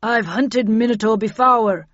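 A woman's voice: a little high, unhurried, fairly bright tone, dry recording. A woman reading aloud and voicing a curt male veteran commander in a story. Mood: gruff. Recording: dull lo-fi dry recording.

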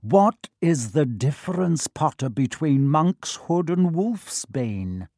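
A man's voice: fairly high pitch, sing-song, takes it slowly, a little mellow, no echo, exaggerated voice. Male reader voicing a sneering storybook potions master, cold and dry. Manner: cutting and contemptuous.

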